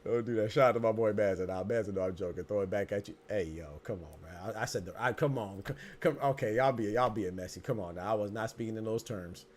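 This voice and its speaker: A man's voice: lowish voice, fast, hardly any pauses, a little mellow, slight background noise. A man hosting a live boxing podcast, reading chat comments and joking around with loose, profane mock anger and speech.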